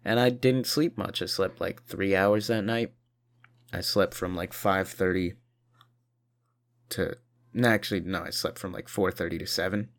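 A man's voice: sits low, fairly even intonation, unhurried, long pauses. A tired man rambling profanely through a casual video monologue, short on sleep. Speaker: vlogger.

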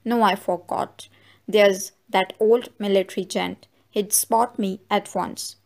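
A woman's voice: mid-range voice, steady tone, takes it slowly, gravelly. Woman playing a muttering undercover man. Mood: musing. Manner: muttering to himself, placating. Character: shifty middle-aged male detective in disguise.

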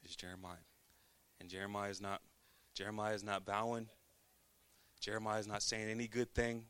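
A man's voice: fairly low pitch, little pitch movement, normal speed, pauses often, a bit bright, clear, resonant tone. A man preaching a sermon, retelling a story with animation and repeating words as he builds each point.

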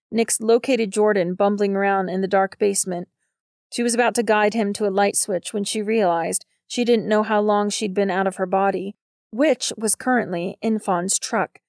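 A woman with a medium-pitched voice narrates an audiobook in a steady, measured reading. The sound is clean studio quality with no echo.

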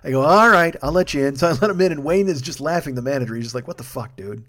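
A man's voice: on the high side, racing, fairly bright tone. A middle-aged man hosting a podcast, telling a rambling, profane, self-deprecating story at his own microphone. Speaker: podcast host. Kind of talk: casual storytelling monologue. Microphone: studio microphone.

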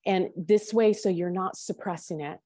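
Woman, podcast guest, coach, earnest, gentle, low-ish voice, dry close mic. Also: moderate pace, no echo. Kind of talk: podcast interview.

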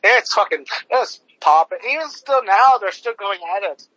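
Animated and sharp, a man with a high voice rants on his podcast at a moderate pace, cursing a lot and restarting often amid frequent fillers. The recording is dry, dull, and lo-fi.

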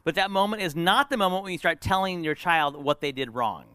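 A middle-aged man, a pastor preaching a sermon, telling a personal story in an earnest way that moves between lively and hushed. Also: fairly high pitch, fairly quick, clear, resonant tone, dry recording.

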